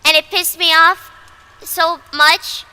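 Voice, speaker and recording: High, sharp-voiced woman streamer. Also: steady tone, slow pace. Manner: rambling, repeats herself, swears freely; blunt and self-mocking. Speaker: VTuber streamer. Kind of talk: casual livestream chat.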